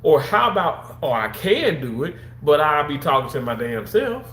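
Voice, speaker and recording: A man's voice: on the high side, big pitch swings, normal speed, a bit bright, roomy sound. A man talking straight to his viewers on a casual livestream, rambling and repeating himself, a little under the weather. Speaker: livestream host.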